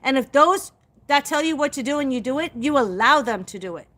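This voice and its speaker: Ranting straight at her live stream viewers, a middle-aged psychic host uses a high, bright, forceful voice. She is blunt, profane, and expressive, hitting her emphasis hard at a fairly quick pace.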